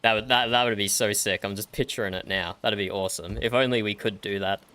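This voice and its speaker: A man's voice: lowish voice, fairly even intonation, fast talker, sharp tone, clear, resonant tone. An Australian man chatting casually during an online roleplay game, laughing often and repeating his own phrases. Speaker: roleplay streamer.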